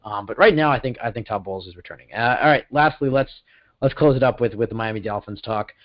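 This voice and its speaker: A man's voice: mid-range voice, no echo. A man co-hosting a casual sports podcast, rambling and correcting himself as he talks. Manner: rambling, self-correcting, quick bursts. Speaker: podcast co-host. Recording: dull lo-fi sound.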